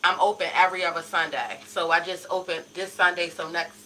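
A woman's voice: lowish voice, level tone, a little fast, pushed and bright, slight background noise, rough recording. A woman restaurant owner, a guest on a radio show, talking plainly about her hours and her food. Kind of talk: casual interview chat.

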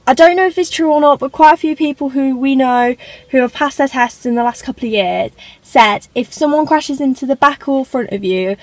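A teenage woman talks casually from the seat of her parked car. Her voice sits a little high, and she drifts off on tangents, adding self-conscious little asides as she goes. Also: fairly quick, dry recording, rough recording. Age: teens. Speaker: vlogger. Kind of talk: casual car tour vlog.

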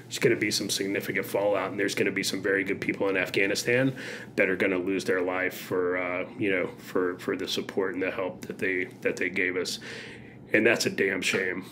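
A man, a podcast co-host, speaking earnestly and haltingly, with many fillers and restarts. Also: sits low, flat delivery, fairly bright tone, a little hiss or hum.

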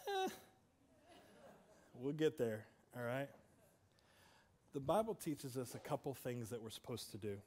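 A man's voice: mid-range voice, sing-song, unhurried, long pauses, a little mellow, big-room sound. A man preaching a sermon in a church, conversational, with asides to the congregation. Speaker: pastor. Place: church sanctuary.

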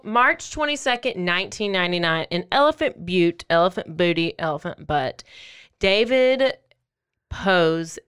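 A woman hosting a podcast, casually telling a true-crime story in an animated way and acting out quotes in playful voices. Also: on the low side, smooth. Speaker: podcast host.

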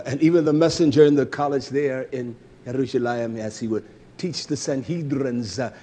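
A middle-aged man preaching a sermon, impassioned, swinging from low murmurs to shouts. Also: slight background noise.

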